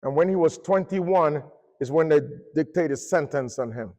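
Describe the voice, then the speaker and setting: A man with a high voice delivers a sermon, telling a story with lively swings in pitch and force. His voice rings through a church hall with a long echo. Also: moderate pace. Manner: animated, rises and falls in pitch and force. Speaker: preacher.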